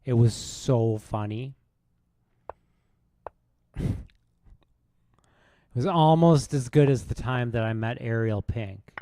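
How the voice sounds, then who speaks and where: A man streaming, rambling in a deadpan, sarcastic way with halting restarts. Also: medium pitch, slight background noise. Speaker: chess streamer. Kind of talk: casual rambling monologue.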